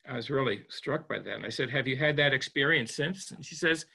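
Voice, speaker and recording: Bright-voiced man, gentle reflective guest. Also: medium pitch, fairly quick, vocal fry, few pauses, breathy edge. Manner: gentle and reflective, with frequent restarts. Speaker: psychologist guest. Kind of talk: interview storytelling.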